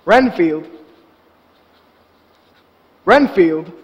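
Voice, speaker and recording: A proper, curious asylum doctor, played by a man on stage speaks in clipped, formal sentences. His voice sits high for a man. The long reverb of a theatre hall trails behind him. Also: lively intonation, highs cut off, heavily acted. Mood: composed. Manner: formal, measured, clipped diction. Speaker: stage actor. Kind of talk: live stage acting.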